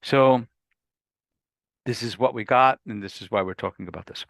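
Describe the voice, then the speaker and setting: A man's voice: mid-range voice, moderate pace, gravelly, a bit bright, no room sound, clean studio sound. A man, a lawyer, explaining a legal topic in an emphatic, folksy, repetitive way on a livestream. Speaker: lawyer and guest expert.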